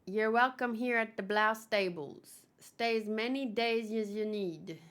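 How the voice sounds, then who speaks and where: A woman reading the lines of a kindly older farm woman who welcomes runaway children, in a slow, reassuring tone. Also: on the high side, a bit bright.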